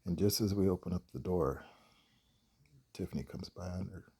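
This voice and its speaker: A man, a horror writer, telling a personal story in a halting, hesitant way with many pauses. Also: low voice, warm tone.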